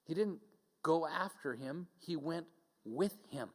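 A man's voice: on the high side, expressive, slow. A man preaching a sermon as pastor, earnest and direct, speaking conversationally and now and then mocking a scoffer. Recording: long hall reverb.

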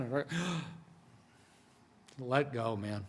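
A man's voice: mid-range voice, fairly quick. Male pastor preaching in a reverberant hall. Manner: conversational preaching, swings between hushed and emphatic. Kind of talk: sermon.

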